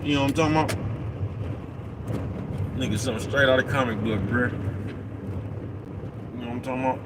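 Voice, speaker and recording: A man rolls down the road in his big rig, talking at a middle pitch in a loose, profane, streetwise monologue to his viewers. He keeps checking that they follow him, and the steady rumble of the truck and traffic sits clearly under his voice. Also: brisk. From East Oakland, California. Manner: streetwise, profane, keeps asking "you know what I'm talking about". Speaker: truck driver vlogger. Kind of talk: casual vlog monologue answering comments. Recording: road and engine noise from a truck cab. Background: traffic and vehicle noise.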